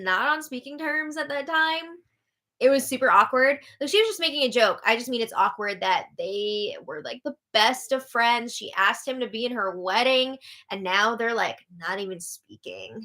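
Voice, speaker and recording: Tired and yawning, the young host of a casual live update show recaps in a chatty way, laughing frequently. Her voice is fairly high-pitched with a sharp tone.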